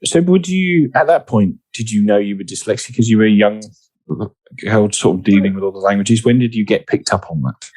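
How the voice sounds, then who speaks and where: Husky-voiced male podcast host. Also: on the low side, brisk, darkish tone, no room sound. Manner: friendly, laughs often, asks questions. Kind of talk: casual interview.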